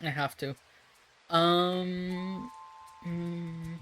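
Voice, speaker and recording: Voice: medium pitch, steady tone, drawn-out words, a bit bright, faint music behind, low-quality recording. A streamer chatting casually with viewers while drawing, rambling, laughing often and swearing freely.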